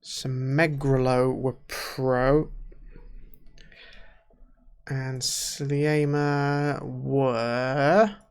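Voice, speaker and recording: A young man thinking aloud as he plays a management game, muttering to himself and often trailing off quietly. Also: medium pitch, little pitch movement, extremely slow, pauses often, clean tone. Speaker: gaming YouTuber. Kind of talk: casual let's-play commentary.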